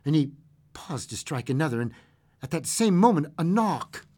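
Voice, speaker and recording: Husky man reading a ghost story dramatically. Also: a little high, very animated, moderate pace. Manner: theatrical, swings from loud to hushed whispers.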